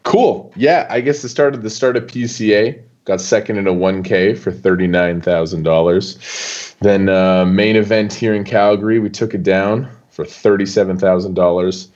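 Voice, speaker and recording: A young man talks loosely as an interview guest, dropping casual fillers as he goes. His voice sits low. The recording is dull and lo-fi. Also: normal speed. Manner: animated, loose, full of fillers like "dude" and "like". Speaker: poker player guest.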